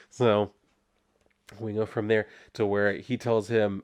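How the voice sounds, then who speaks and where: A man chatting his way through a comic book review, rambling and laughing often, with lots of fillers. His voice sits fairly low and sounds dry and close to the mic. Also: flat delivery, takes it slowly, pauses often, clean tone, no room sound. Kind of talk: casual review vlog.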